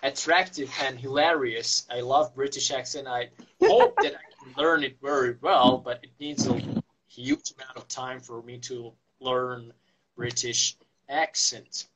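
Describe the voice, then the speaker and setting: A man's voice: medium pitch, a little slow, a bit bright, poor audio. A man hosting a comedic accent skit as an eager learner.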